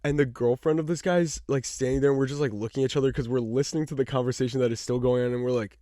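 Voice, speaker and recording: Male podcast co-host, chatty storyteller who acts out voices, average pitch, dry mic. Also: rapid-fire, no echo. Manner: animated, acts out the people in his stories, swears freely. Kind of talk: casual storytelling chat.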